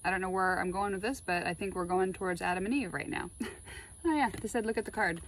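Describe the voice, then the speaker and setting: A woman chatting casually while laying out tarot cards, excitable and full of spiritual musings. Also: medium pitch, fast talker, slight background noise, low-quality recording. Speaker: tarot reader.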